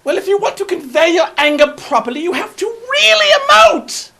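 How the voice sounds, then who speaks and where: A shrill, pompous acting coach. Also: male voice, wildly swooping pitch, normal speed, bright, forceful tone, exaggerated voice. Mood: theatrical. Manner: melodramatic, shrieking, overemphatic.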